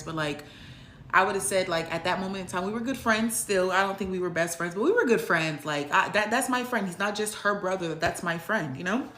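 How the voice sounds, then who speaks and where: A woman with a lowish voice tells a relaxed, rambling storytime, stacking up fillers as she goes. The recording sounds roomy and echoey, with faint ambience behind her. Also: slight background noise. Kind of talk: casual storytime. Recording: echoey room.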